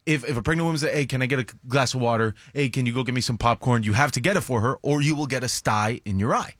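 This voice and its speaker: A man's voice: medium pitch, fast, fairly bright tone, no echo, clean studio sound. A man co-hosting a radio talk show who explains sayings and laughs easily in casual banter. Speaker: radio co-host.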